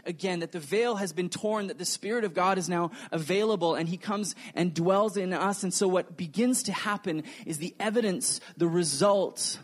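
Earnest man preaching, slightly high voice. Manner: earnest, animated storytelling with acted quotes. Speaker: pastor. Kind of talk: sermon.

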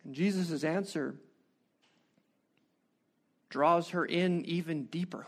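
Brief: male preacher, high-pitched, animated narrative sermon full of rhetorical questions. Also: slow.

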